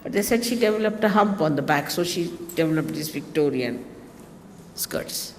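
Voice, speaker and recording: A woman's voice: sits low, animated, moderate pace, long reverb tail, a little hiss or hum. A woman from India with an Indian accent, a spiritual teacher giving a chatty talk to her followers, full of anecdotes and wry asides. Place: large hotel hall.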